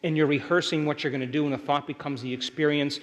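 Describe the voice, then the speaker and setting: In a muffled recording with long hall reverb, a workshop speaker lectures fast and with fairly even intonation. His voice is fairly high for a man, and his emphatic motivational talk keeps checking in with the live audience.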